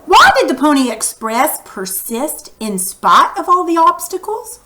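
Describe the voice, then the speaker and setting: Woman teacher going slow through a reading lesson, higher voice, patient, asks the class stuff. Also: very animated, bright, forceful tone, poor audio.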